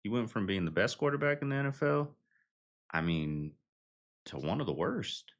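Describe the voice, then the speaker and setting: Deep-voiced man chatting to viewers. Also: very animated, normal speed, muffled recording. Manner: chatty, addresses viewers as y'all. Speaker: reaction video host. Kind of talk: casual commentary.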